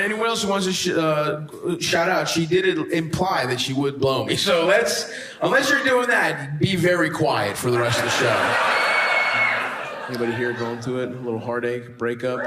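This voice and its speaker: A man's voice: on the high side, moderate pace. A man doing stand-up crowd work, teasing the audience in a brash, profane way. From United States. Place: comedy club stage with audience. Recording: echoey club with loud crowd noise. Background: audience laughter.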